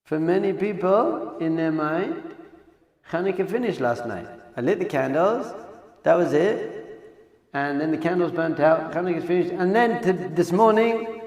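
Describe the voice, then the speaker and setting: A man teaching Torah as a rabbi, his fairly high voice swinging from hushed asides to loud bursts. The recording is wrapped in a long, echoey hall reverb added as an effect. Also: measured pace. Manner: animated, swings between hushed and loud exclamations. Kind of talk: Torah class.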